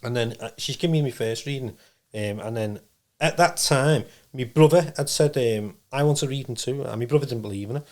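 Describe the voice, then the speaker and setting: A man's voice: medium pitch, fairly quick. A man, a trance medium guest, telling a rambling personal story in a casual interview. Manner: rambling, animated storytelling with acted-out quotes.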